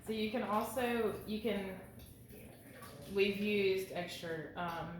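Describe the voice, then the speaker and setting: Slow-talking woman guest cook. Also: medium pitch. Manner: unhurried, hesitant with fillers. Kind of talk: casual cooking show chat. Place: home kitchen. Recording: echoey kitchen with clear noise.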